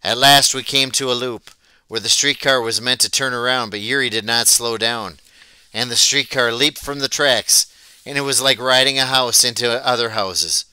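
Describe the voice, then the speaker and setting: A man reading a novel aloud as an audiobook, telling it in a plain, steady way. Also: medium pitch, moderate pace, smooth, no echo. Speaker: audiobook reader. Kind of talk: storybook read-aloud narration.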